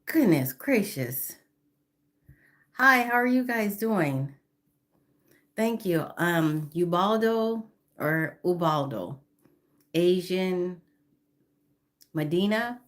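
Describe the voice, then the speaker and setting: A woman's voice: on the low side, lively intonation, drawn-out words, long pauses. A woman in her fifties chatting on a phone live stream, greeting viewers by name and apologizing now and then. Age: 50s. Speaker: livestreamer.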